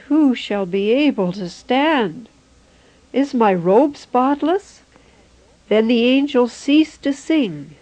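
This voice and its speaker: A woman reading a religious vision text aloud in a slow, solemn, even way. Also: fairly high pitch, poor audio. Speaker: reader.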